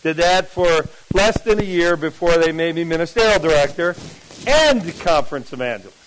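A middle-aged man from New Jersey, whose accent has mostly worn off, preaches at a camp meeting in a fairly high voice. He talks to the congregation like a storyteller, full of asides and questions. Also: normal speed, background noise. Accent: mixed American, mostly lost New Jersey. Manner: chatty storyteller, animated asides to the audience. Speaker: pastor. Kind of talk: sermon.

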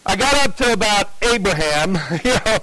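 A man telling his testimony to an audience, conversational and animated, acting out the dialogue with big swings in his voice. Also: high voice, moderate pace, poor audio. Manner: conversational, with fillers and restarts. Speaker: speaker giving a testimony to an audience. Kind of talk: storytelling testimony.

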